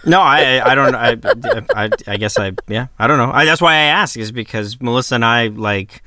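A young adult man co-hosting a podcast in casual chat, halting and restarting his sentences often. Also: mid-range voice, pushed and bright, no echo, clean studio sound. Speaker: podcast co-host.

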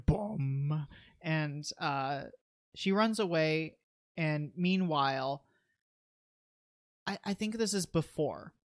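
A man's voice: a little high, slow, pauses often, no echo. Chatty man recapping a movie. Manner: chatty plot recap with eager asides. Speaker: podcast co-host. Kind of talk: casual movie discussion.

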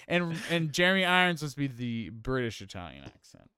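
A man co-hosting a casual movie review chat, ranting in an animated, profane, exasperated way. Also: medium pitch, brisk, smooth, no echo, clean studio sound. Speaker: podcast co-host.

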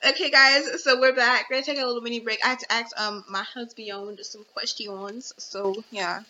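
A woman's voice: on the high side, fairly even intonation, normal speed, pushed and bright, muffled recording. A young adult woman hosting a podcast, ranting animatedly in casual chat with lots of fillers. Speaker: podcast host.

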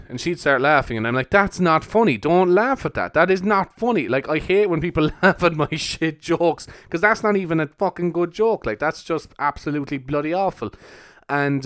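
A man's voice: medium pitch, a bit bright, smooth, no room sound, clean studio sound. A young man from Cork with a Cork Irish accent, hosting a solo podcast in a jokey, rambling way and swearing casually. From Cork, Ireland. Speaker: podcast host.

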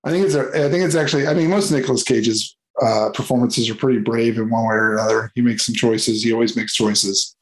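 A man's voice: medium pitch, fast talker, few pauses, poor audio. A man hosting a casual movie review chat, rambling and hesitant with many fillers and restarts.

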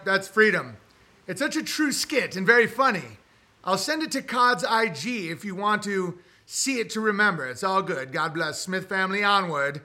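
Bright-voiced man chatting on a livestream. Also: high voice, expressive, unhurried. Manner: rambling, profane, talks to his dog. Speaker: livestream host reading super chats. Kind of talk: casual livestream chat.

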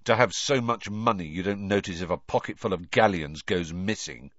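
A man's voice: low-pitched, moderate pace, a bit bright, no room sound, dull audio. A man voicing a sulky, resentful teenage schoolboy who mutters sullenly, in a storybook reading. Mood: gloomy.

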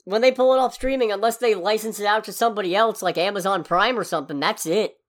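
A woman's voice: mid-range voice, fast. Sarcastic woman ranting on a podcast. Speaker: podcast co-host. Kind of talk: casual chat.

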